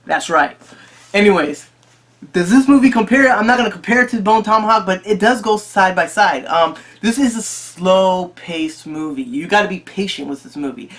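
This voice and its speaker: A movie reviewer talking casually to the camera, excitable, often repeating and restarting phrases. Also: mid-range voice, normal speed.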